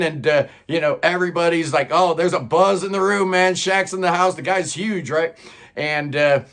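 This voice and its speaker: A middle-aged man telling stories in a chatty, animated way, often saying "man". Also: a little high. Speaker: channel host telling celebrity stories. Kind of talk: casual storytelling monologue.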